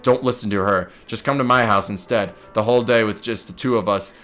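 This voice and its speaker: A man's voice: fairly low pitch, a little fast, a bit bright, soft background music, pitched below the performer's own voice, close to an everyday voice. A man reading aloud the lines of an obsessive, lovestruck young woman from a video game, in a mostly plain voice.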